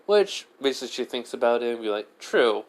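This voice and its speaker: A man's voice: medium pitch, expressive, quick pace. A man telling an improvised fan story in a rambling way, full of fillers and self-corrections. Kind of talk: improvised fan-fiction narration.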